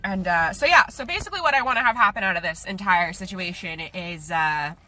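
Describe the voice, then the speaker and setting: A woman's voice: lowish voice, expressive, brisk, sharp tone. A young woman in her twenties venting on a vlog, angry and profane while holding back tears. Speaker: vlogger. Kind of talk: emotional vlog rant.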